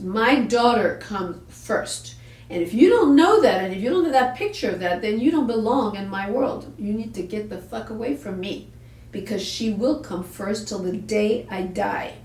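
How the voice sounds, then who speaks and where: A woman with a medium-pitched, darkish voice hosts a parenting show, recorded in an echoey room at a distance from the mic. She tells her story bluntly and profanely, voicing the people she quotes.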